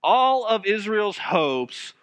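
A man preaching a sermon with passion, now and then dropping his voice to a hush for emphasis. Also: very animated, slow, smooth. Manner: impassioned preaching, dropping to hushed low phrases for emphasis. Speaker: pastor.

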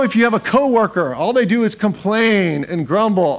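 A man's voice: sits high, lively intonation, normal speed, few pauses. A male pastor preaching a sermon, emphatic, putting questions to the congregation and repeating phrases for stress. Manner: asks the congregation questions and answers them himself.

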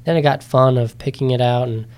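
In a relaxed interview, a young man of nineteen talks through his experience in an easygoing, chatty way. He fills his speech with ums and likes, and his voice lifts when he acts out what others said to him. His pitch sits in an ordinary middle range. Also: fairly quick, smooth. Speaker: interview guest, competitor. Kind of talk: casual interview storytelling.

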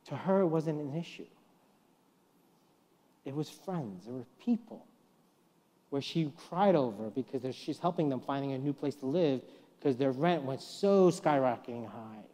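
A middle-aged man preaching a guest sermon in a church, telling stories and acting out the voices he quotes, swinging from soft to loud. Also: mid-range voice, lively intonation, normal speed, long pauses. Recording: long reverb of a church hall.

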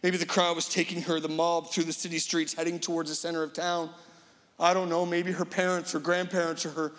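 A man's voice: a little high, level tone, fairly quick, fairly bright tone, big-room sound. A middle-aged male guest preacher giving a dramatic storytelling sermon, acting out imagined voices.

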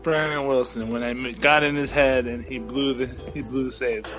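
A man telling a story in a loose, rowdy, animated way in a casual chat. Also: medium pitch, moderate pace, lo-fi sound, soft background music.

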